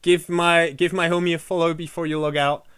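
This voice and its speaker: A man's voice: a little high, flat delivery, brisk, fairly bright tone, clean tone, dry recording, studio quality. A man from France, talking casually and with passion to his live-stream chat, swearing often and restarting his sentences.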